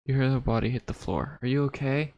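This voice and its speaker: A man playing a text adventure game, reading its lines aloud and adding wry, deadpan comments on a close mic. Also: mid-range voice, fast, vocal fry, highs cut off. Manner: wry, deadpan, bursts into laughter. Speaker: gaming YouTuber.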